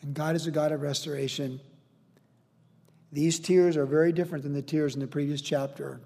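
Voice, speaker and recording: A male pastor teaches a Bible passage verse by verse, earnest and conversational, with rhetorical questions. His fairly high voice carries a gravelly edge. It echoes with the long reverb of a large sanctuary. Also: darkish tone.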